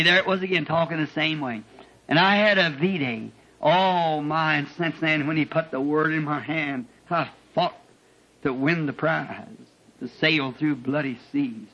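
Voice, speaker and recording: A preacher delivers an impassioned testimony sermon, his husky, bright voice pitched a little high for a man. The sound is dull and lo-fi, like an old tape of a church meeting. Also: a little slow. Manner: emotional, rising to high-pitched bursts when telling his story.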